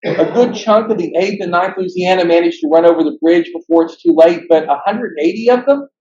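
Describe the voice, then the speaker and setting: Animated storytelling man, echoey hall. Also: sits high, a little fast. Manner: animated storyteller, acts out quotes. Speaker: guest speaker. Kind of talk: history lecture. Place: meeting hall. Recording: echoey, dull lo-fi room recording.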